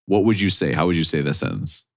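A man's voice: a bass voice, expressive, gravelly. A man co-hosting a podcast who jokes and teases the others in casual banter. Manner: joking, teasing, fast banter. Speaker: podcast co-host. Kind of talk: casual chat.

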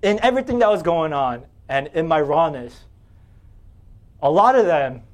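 Young pastor, male, high voice, lively storytelling sermon that climbs when he gets heated. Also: normal speed. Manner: animated, self-deprecating, often rising in pitch and volume when retelling anger.

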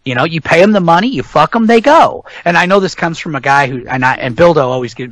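A man's voice: fairly high pitch, expressive, a little fast, a bit bright, no echo, rough recording. A middle-aged man chatting casually as a podcast co-host, rambling and swearing freely. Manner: rambling, profane, ranting. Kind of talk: casual chat about metal albums.

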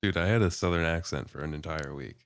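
A man's voice: a bass voice, fast talker, dry recording. A man co-hosting a casual podcast chat, laid-back and laughing often. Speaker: podcast co-host.

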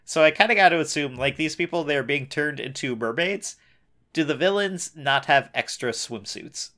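A man's voice: on the high side, lively intonation, moderate pace, a bit bright. A man co-hosting a casual recap chat, riffing on the plot with sarcastic asides. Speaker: podcast co-host.

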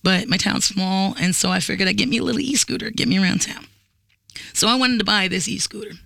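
A woman in her forties tells a story in a bright, gravelly voice. She talks casually with lots of swearing and acts out the lines of other people. The sound is dry and close. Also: mid-range voice, fast, dry recording. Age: 40s. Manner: animated, profane, acts out quotes. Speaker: guest.

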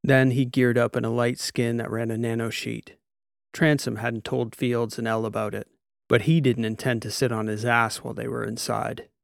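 A man reads a sci-fi audiobook in a steady storytelling voice, with a gravelly grain at mid pitch. The recording is close and dry, with no room sound. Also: moderate pace, no room sound. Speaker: narrator. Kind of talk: scripted audiobook narration.

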